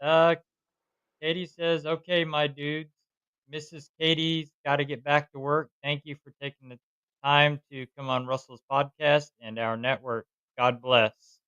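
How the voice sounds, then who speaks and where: A man hosting a podcast, reading viewer comments aloud in a plain, steady way. His voice is bright and smooth. The recording is dry and a little dull. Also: a little high, a little slow, dry recording. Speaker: podcast host. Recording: slightly dull lo-fi sound.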